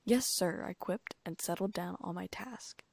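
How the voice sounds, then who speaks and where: A woman narrates a first-person audiobook with a gravelly, fairly low voice. She is breathy and often sinks into a whisper. The recording is dry and close. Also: fairly even intonation, moderate pace, a little mellow, dry recording.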